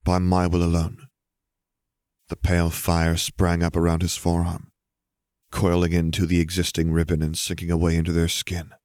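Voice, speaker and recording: Low-voiced man narrating a story. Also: completely flat delivery, moderate pace, darkish tone, dry recording, studio quality. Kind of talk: audiobook reading of fan fiction.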